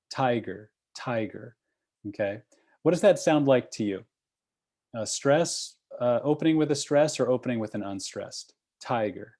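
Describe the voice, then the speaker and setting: With a medium-pitched, slightly mellow voice, a man runs an online course review through his computer microphone. As the instructor, he stays patient and supportive, often asking "okay?" or "right?"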